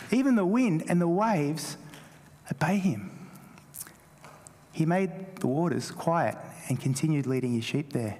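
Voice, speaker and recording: A man's voice: a little high, normal speed, big-room sound. A man whose first language is Greek, preaching a sermon as a pastor and lifting his voice on quoted scripture. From Greece. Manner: animated preaching, rising emphasis on quoted scripture.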